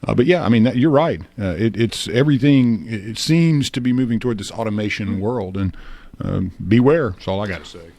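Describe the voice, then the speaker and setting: A man's voice: on the low side, a little fast, a little mellow. A man hosting a radio chat show, tossing in dry, joking asides.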